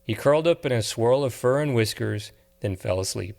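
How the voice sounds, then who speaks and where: A man narrating an audiobook novel in a measured, steady way. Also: medium pitch, gravelly. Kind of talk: scripted narration.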